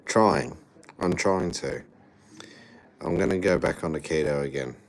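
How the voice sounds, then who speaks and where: A man's voice: very deep voice, slow. A man hosting a casual livestream chat, laid-back and profane, talking to viewers over a few beers.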